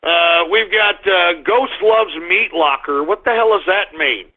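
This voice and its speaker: A man's voice: high-pitched, unhurried. A man hosting a live radio show, griping and blustering at his listeners. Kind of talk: live call-in radio rant. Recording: tinny phone-like sound.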